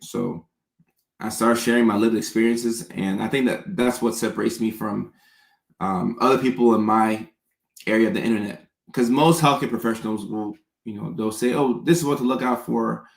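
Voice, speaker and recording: A man's voice: on the low side, fairly even intonation, normal speed, gravelly, reverberant. A man hosting a casual livestream, chatting as he reads out viewer questions and answers them.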